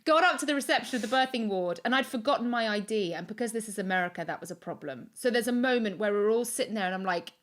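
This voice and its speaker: A woman's voice: fairly high pitch, fast talker, few pauses. Chatty woman telling a birth story. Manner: chatty and animated, with self-interruptions and acted-out quotes. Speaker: podcast guest. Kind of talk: casual storytelling. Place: home, recorded remotely.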